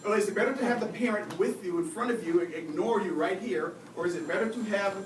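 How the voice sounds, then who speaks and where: High-voiced man lecturing in an echoey room. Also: fast talker. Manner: lively, asks the audience questions, "right?" often. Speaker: behavior and communication expert giving a talk. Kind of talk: live seminar talk to an audience. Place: lecture room at a faculty club. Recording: roomy, distant mic with audible noise.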